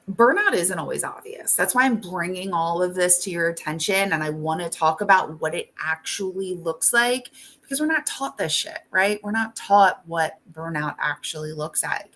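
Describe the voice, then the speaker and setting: A woman's voice: on the low side, bright, forceful tone. A woman life coach hosting a talk show, speaking casually and bluntly, swearing freely and checking in with "right?" after most points.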